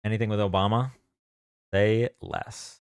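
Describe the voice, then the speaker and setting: A man's voice: lowish voice, little pitch movement, unhurried, clear, resonant tone, no room sound, studio quality. A young man hosting a casual livestream, chatting loosely and thanking viewers for donations as he goes. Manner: chatty, thanks donors, reads chat aloud. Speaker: livestream debate host.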